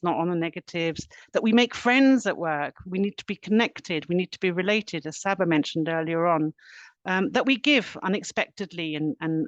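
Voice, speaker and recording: A middle-aged HR director presents a webinar earnestly, explaining steadily and listing actions step by step. She has a lowish voice, and the recording sounds dry and close.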